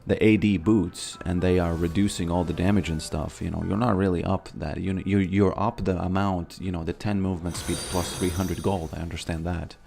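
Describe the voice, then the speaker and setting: Male streamer, very deep gravelly voice, rambling casual commentary while playing. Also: fairly even intonation, brisk, hardly any pauses, a little mellow. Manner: rambling, stammers and repeats words. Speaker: game streamer.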